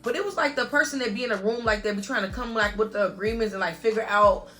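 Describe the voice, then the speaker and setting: Earnest bright-voiced woman telling a story. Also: fairly high pitch, fast talker. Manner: earnest, talks straight to viewers with constant "y'all". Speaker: vlogger. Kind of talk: emotional story-time monologue.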